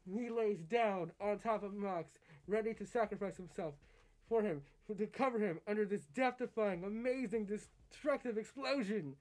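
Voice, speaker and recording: A man's voice: sits high, a little mellow. A man co-hosting a wrestling podcast in casual chat. He talks chattily, often laughs, and builds his stories with drama.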